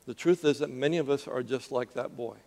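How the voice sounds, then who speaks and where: A man preaching a sermon who calls out questions to the congregation and drops into quiet, earnest intensity as he tells a story. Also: medium pitch, a little fast, vocal fry. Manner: call-and-response with the congregation, dropping to quiet intensity.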